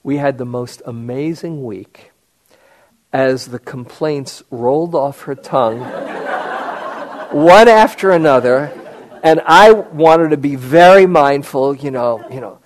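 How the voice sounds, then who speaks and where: An older man telling a personal story in a meditation talk, halting with many fillers and restarts. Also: mid-range voice, slight background noise. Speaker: meditation teacher.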